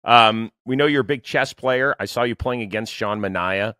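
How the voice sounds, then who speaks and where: A male sports podcast host with a slightly low voice asks a player chatty, eager questions. His voice sounds dry and close, with no room around it. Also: normal speed, bright, forceful tone, dry recording. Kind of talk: sports talk interview.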